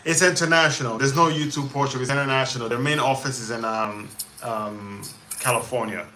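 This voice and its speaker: A man's voice: mid-range voice, fairly even intonation, brisk, pushed and bright, slight background noise. A man hosting a live chat stream, venting about his frustrations and stumbling through many restarts. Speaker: livestream host. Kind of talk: casual live-chat talk.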